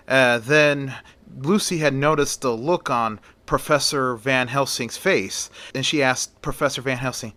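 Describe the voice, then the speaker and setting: Man, storyteller, bright forceful voice, dry close sound, loose retelling with fillers. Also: mid-range voice, moderate pace, no echo. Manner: unscripted telling with fillers, voicing each character lightly.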